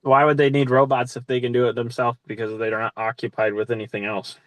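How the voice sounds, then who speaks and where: A man's voice: medium pitch, level tone, fast, a bit bright, dry recording. Man, casual podcast chat, short reactions, pointed questions, dry sound.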